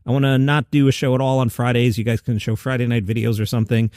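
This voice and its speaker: A middle-aged man hosting a comedy news podcast from his basement, reading headlines and adding wry, animated asides. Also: mid-range voice, no echo, studio quality. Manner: wry, animated, quick side comments. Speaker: podcast host. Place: home basement studio.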